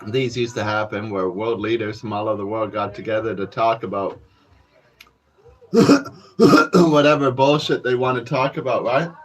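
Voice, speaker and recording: A man's voice: on the low side, moderate pace. Rambling, foul-mouthed man ranting to camera. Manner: rambling, profane, mumbled asides. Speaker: comedy character host. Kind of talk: crude comedic rant to camera.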